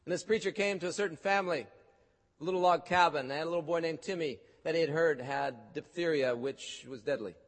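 Pastor guy preaching in a big echoey hall, fairly high voice, loud then real soft. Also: brisk. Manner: dramatic swings from loud to hushed. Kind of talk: sermon.

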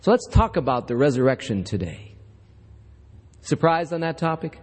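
A man's voice: a little high, very animated, moderate pace, breathy edge. A man preaching as pastor, reading scripture and telling a story to the congregation in a conversational way. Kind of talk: sermon with scripture reading and joke. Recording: echoey church hall.

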